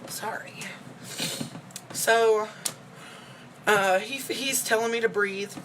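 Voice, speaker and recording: A woman's voice: a little high, steady tone, slow, a bit bright, slight background noise. A young woman telling an emotional, rambling story in a casual vlog check-in, full of fillers. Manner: emotional and upset. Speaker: vlogger. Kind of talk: casual personal check-in video.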